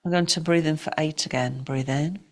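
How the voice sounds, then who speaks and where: A middle-aged woman teaching yoga and breathwork, giving calm, unhurried, gently directive cues for breathing and movement. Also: low voice, a little hiss or hum. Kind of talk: guided breathwork and yoga instruction.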